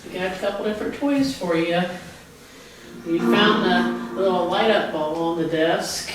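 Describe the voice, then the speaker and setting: During a ghost hunt in an old seminary building, a paranormal investigator with a mid-range voice calls out unhurriedly to spirits, coaxing them and explaining the gadgets set out for them, while music plays in the background. The recording has a roomy echo and faint background hiss.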